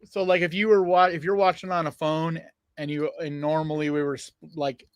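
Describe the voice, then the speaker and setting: A man's voice: fairly high pitch, flat delivery, a little fast, smooth, no echo. A man co-hosting a podcast with blunt, grumbling remarks in casual chat. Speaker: podcast co-host.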